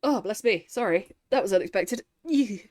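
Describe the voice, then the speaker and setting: A woman's voice: medium pitch, expressive, moderate pace, a little mellow. A woman chatting casually on a live writing stream, answering her chat and laughing often.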